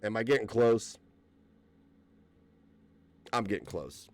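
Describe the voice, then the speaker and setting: A man on a live stream rants angrily at his critics, speaking slowly in a darkish tone. He swears heavily and is mocking and combative, breaking into bursts of high laughter.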